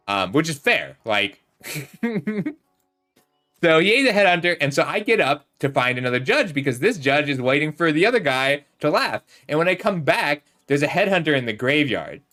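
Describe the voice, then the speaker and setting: Thirties male streamer, bright tone, chatty and rambling, faint music behind. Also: on the high side, sing-song, normal speed. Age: 30s. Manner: rambling, chatty, talks to chat while playing. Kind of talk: casual gameplay commentary with storytelling.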